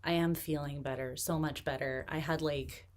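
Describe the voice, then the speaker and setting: Low-voiced woman, easygoing tarot chat. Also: moderate pace, a little hiss or hum. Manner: relaxed, rambling, many fillers and restarts. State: recovering from pneumonia, speaking slowly to catch her breath. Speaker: tarot reader hosting a live stream. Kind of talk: casual live-stream chat.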